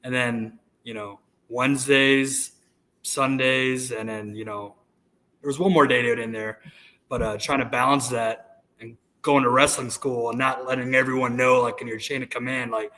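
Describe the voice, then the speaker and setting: A man's voice: mid-range voice, steady tone, normal speed, bright, forceful tone, rough recording. Thirties man, podcast guest, loose storyteller, candid and a bit crude. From United States. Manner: candid, profane, rambling anecdotes. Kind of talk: casual storytelling chat.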